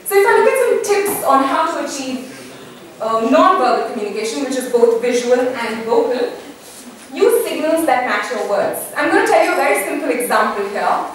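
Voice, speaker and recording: A woman giving a conference talk to an audience, lively and often acting out the examples she quotes. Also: high-pitched, normal speed, recorded from a distance. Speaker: panel speaker. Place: conference hall. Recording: echoey hall, mic from afar.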